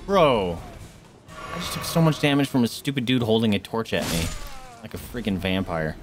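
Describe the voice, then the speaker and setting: A man streaming a video game, reacting loudly and excitably: he yelps and squeals at enemies, coos at animals in baby-talk, and drops to a hush when sneaking. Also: fairly low pitch, a little fast, music in the background. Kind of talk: live gameplay commentary.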